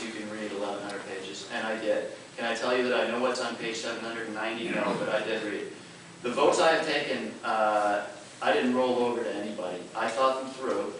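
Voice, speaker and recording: A man, a congressman, answering a constituent's criticism in a measured, firm way. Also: medium pitch, a bit bright, slight background noise. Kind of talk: town hall response. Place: library meeting room. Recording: echoey room taped from far off.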